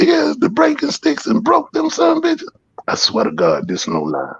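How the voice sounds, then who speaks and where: A man's voice: lowish voice, wildly swooping pitch, a little slow, dry recording. A man telling rambling, profane stories on a podcast and acting out what people said. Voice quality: gravelly, husky. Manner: profane, rambling, re-enacting quotes. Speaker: podcast storyteller. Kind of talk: casual storytelling. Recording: muffled dry sound.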